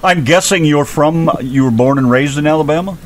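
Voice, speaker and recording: A man's voice: fairly high pitch, brisk. A man co-hosting a casual interview show, teasing and playful with his guest. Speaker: co-host. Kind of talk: casual radio-style chat.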